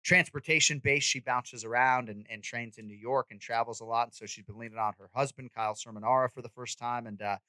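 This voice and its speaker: A man in his forties hosts a sports podcast. His voice is bright and forward, and he talks in a quick, animated way. The sound is dry and close to the mic. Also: mid-range voice, dry recording. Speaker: podcast host and MMA commentator. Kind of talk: casual sports chat.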